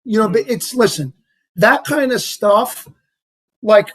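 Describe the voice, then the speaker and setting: Husky New York man, rambling freely. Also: high voice, slow. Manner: animated, rambling, heavy on "you know" and "like". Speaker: actor guest. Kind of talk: casual interview chat.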